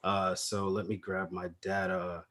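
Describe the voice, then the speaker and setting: A man's voice: low voice, completely flat delivery, unhurried, a bit bright. A man doing a stand-up comedy set over a video call, talking loosely and conversationally with plenty of slang.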